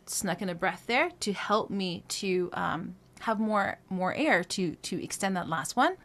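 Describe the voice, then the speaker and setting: A woman's voice: lowish voice, animated, measured pace, few pauses, a bit bright. A woman vocal coach teaching a singing lesson, explaining phrases note by note in a conversational way. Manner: explains step by step, breaking phrases into notes; conversational, frequent "right?" and "um".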